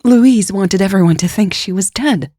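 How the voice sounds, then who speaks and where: A woman's voice: mid-range voice, moderate pace, dark tone, no room sound, clean studio sound, pitched above the performer's own voice, natural voice. A woman reading an audio story, voicing a ruthless woman ex-lover who insists she had to lie. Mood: pleading. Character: ruthless woman ex-lover pleading her case.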